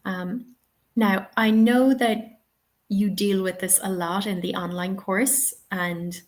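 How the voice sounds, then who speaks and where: A woman's voice: medium pitch, steady tone, slow pace. A woman running a teaching webinar, encouraging and checking in often with "okay?" and "yeah?". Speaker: TEFL trainer.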